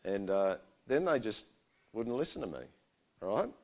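Middle-aged male preacher, slightly low voice, conversational and animated storytelling. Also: moderate pace, muffled recording. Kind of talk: sermon with personal stories.

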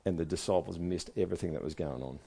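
A man's voice: low-pitched, fast, creaky, warm tone, husky. A man preaching a sermon in a conversational way, asking his listeners one rhetorical question after another. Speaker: pastor.

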